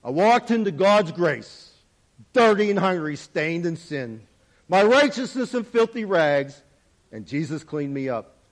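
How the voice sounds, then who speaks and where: A man with a fairly high voice tells a first-person parable earnestly. His delivery is dramatic, swelling and dropping in loudness as he speaks. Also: sing-song, unhurried. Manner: earnest, dramatic storytelling with wide swings in volume. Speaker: storyteller.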